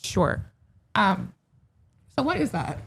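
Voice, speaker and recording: A young woman chatting casually as a guest on a livestream, teasing and deadpan. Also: medium pitch, takes it slowly, vocal fry, a crowd in the background. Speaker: stream guest.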